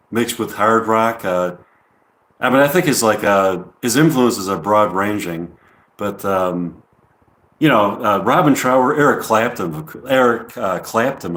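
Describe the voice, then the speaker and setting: A man's voice: lowish voice, fairly bright tone, echoey room. A man doing a rambling improvised comedy monologue on a live stream, full of restarts and casual swearing.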